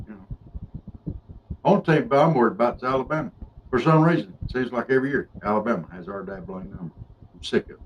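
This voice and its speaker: A man's voice: mid-range voice, expressive, fast talker, gravelly, pauses often, distant mic. A man co-hosting a podcast in folksy, joking casual chat. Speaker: podcast co-host. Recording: dull lo-fi sound with faint noise.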